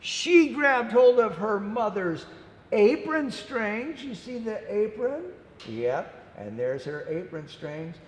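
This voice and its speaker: A man's voice: high-pitched, sing-song, slow. A man telling a picture-book story to young children, acting it out playfully and giving the characters their own voices. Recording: echoey room with long reverb.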